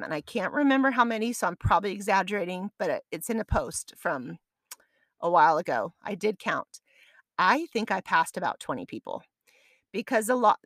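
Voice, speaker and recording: A woman in her thirties hosting a podcast, telling a personal story in a casual, animated way and acting out the voices in her quotes. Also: medium pitch, no room sound. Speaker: podcast host.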